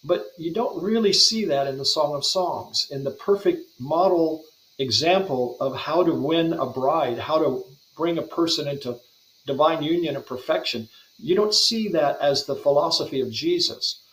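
A man's voice: fairly high pitch, normal speed, fairly bright tone, roomy sound, low-quality recording. A man appearing as a guest Bible translator on a podcast, giving an earnest, flowing devotional teaching and often repeating words as he restarts phrases.

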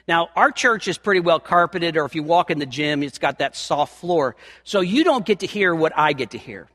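A man preaching a sermon as pastor of his church, emphatic, climbing in pitch and force as he presses his points. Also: a bit bright, big-room sound. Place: church sanctuary.

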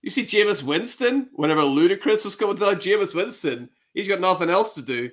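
A man's voice: high voice, animated, a little fast, fairly bright tone. A man co-hosting a casual fantasy football chat show, laughing and reacting to clips.

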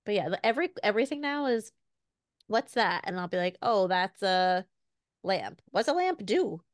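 A woman's voice: mid-range voice, big pitch swings, moderate pace, dry recording, clean studio sound. A woman in her thirties co-hosting a podcast, chatting casually with lots of fillers and acting out her toddler's lines. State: recovering from illness. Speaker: podcast co-host. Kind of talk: casual chat.

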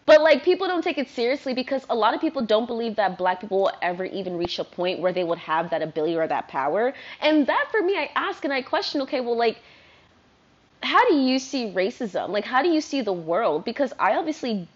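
Woman vlogger, fairly high voice, rambling casual rant, dull lo-fi sound. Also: a little fast. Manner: rambling, animated, heavy use of "like". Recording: dull lo-fi recording.

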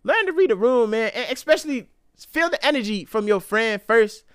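A young adult man hosting a casual solo podcast, talking in slang and jumping into loud, high voices when he acts out other people. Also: animated, moderate pace, smooth, dry recording, clean studio sound. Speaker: podcast host. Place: indoor room.

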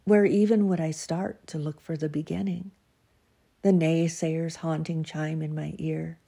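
A woman reads her own devotional writing in a soft, earnest voice that now and then drops to a whisper. Her voice is dark and mellow, with a husky, gravelly texture. She speaks slowly. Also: deep voice, flat delivery. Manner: soft-spoken, drifts into whispers; earnest and emotional, laughs at herself. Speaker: devotional writer reading her own work. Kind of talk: reflective devotional reading.

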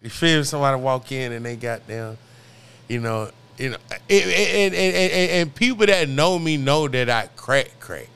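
A man's voice: mid-range voice, expressive, moderate pace, gravelly, a bit bright, clear, resonant tone. Stammering, laid-back male podcast host. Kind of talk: casual podcast chat.

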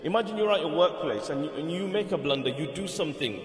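A man's voice: fairly high pitch, animated, fast. A man preaching a sermon in an emphatic voice, repeating phrases and asking rhetorical questions. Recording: reverberant hall.

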